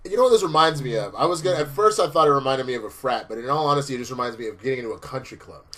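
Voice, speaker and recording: A man's voice: mid-range voice, expressive, rapid-fire, a bit bright. A tired man co-hosting a casual episode review, laughing often and retelling scenes. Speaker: co-host.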